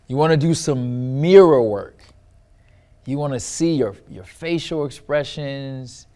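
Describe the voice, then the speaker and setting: A middle-aged man teaching how to write and perform a personal story, with expressive shifts in loudness and pitch and repetition for emphasis. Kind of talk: instructional talk to camera.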